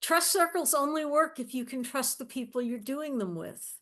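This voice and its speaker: Woman panelist, fairly high voice, eager and gushing in casual chat. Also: lively intonation, moderate pace. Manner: enthusiastic, warm-hearted praise.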